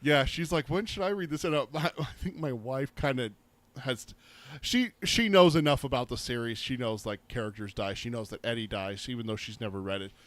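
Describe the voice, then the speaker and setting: A man co-hosting a book podcast, telling stories in an animated way, swearing and laughing as he talks. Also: mid-range voice, a little fast, dry recording. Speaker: podcast co-host. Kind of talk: casual chat.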